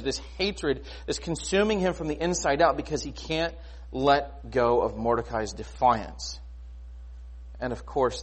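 A man preaching a sermon in a conversational, animated way, often asking rhetorical questions. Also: mid-range voice, slightly rough. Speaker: pastor.

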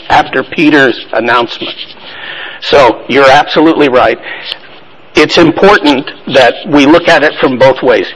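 A man's voice: medium pitch, a bit bright, low-quality recording. Man teaching a Bible study class. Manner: asks the class questions and affirms answers; conversational, plain-spoken.

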